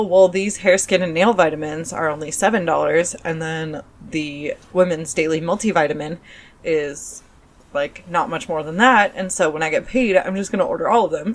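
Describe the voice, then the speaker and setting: Lower-voiced chatty woman podcaster. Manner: chatty, self-mocking storyteller. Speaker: podcast co-host. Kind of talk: casual chat.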